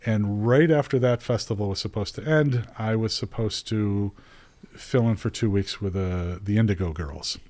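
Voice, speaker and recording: A man's voice: fairly low pitch, normal speed, a little mellow, low-quality recording. A middle-aged man telling a long personal story in a casual, rambling way, often laughing as he talks.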